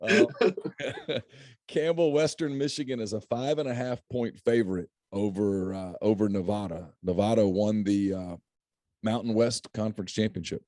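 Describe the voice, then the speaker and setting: A man's voice: lowish voice, normal speed, a little mellow, dry recording, clean studio sound. A middle-aged man hosting a casual chat about game picks, joking and laughing often. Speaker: podcast host.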